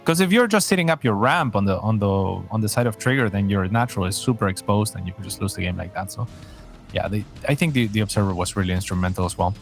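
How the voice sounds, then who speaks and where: Lively male esports caster. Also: lowish voice, fast talker, faint music behind. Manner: animated, analytical, many restarts. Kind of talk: live game commentary.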